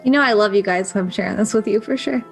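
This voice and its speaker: A woman's voice: medium pitch, fast, creaky, soft background music. A woman playing in a casual tabletop game, affectionate and giggly. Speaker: player.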